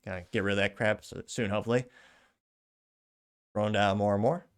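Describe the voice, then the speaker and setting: A man's voice: fairly low pitch, steady tone, fairly quick. A man hosting a political commentary show, casually reading out viewer comments with blunt, sarcastic asides.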